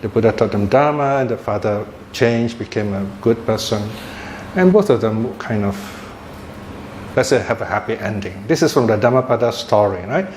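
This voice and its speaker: A man and Buddhist teacher telling a religious story in a talk, with lively chuckling asides. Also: fairly low pitch, moderate pace. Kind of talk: sermon-style storytelling talk. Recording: echoey room with faint noise.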